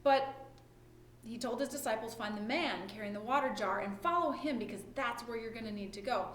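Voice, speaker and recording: A woman's voice: on the high side, a little fast, fairly bright tone, a little hiss or hum. Woman preaching conversationally in an echoey room. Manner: conversational, asks "right?" often. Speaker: pastor. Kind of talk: sermon. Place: church or home during lockdown worship. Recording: echoey room with faint ambience.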